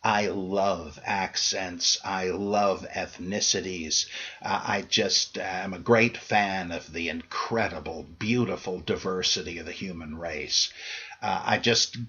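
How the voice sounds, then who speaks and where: Man, middle-aged, husky voice, rambling podcast host, dull lo-fi sound. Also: low voice, takes it slowly, bright, forceful tone. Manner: digressive, many fillers and restarts. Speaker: podcast host answering listener questions. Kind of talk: casual rambling monologue.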